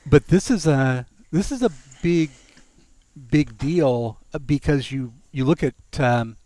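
A man's voice: mid-range voice, takes it slowly, mellow, no room sound. Wry joking man with a dry sound. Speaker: podcast host. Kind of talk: casual tech podcast chat.

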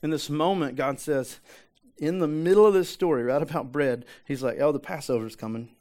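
A man's voice: a little high, moderate pace, a little mellow. A male pastor preaches in a casual, conversational way. He hammers his points home by repeating them and keeps asking the room rhetorical questions. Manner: repetitive emphasis, rhetorical questions. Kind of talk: conversational sermon.

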